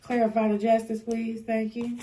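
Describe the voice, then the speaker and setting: A woman's voice: fairly high pitch, monotone, normal speed, very noisy. A woman giving a casual tarot reading straight to the viewer, blunt and swearing, often laughing. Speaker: tarot reader.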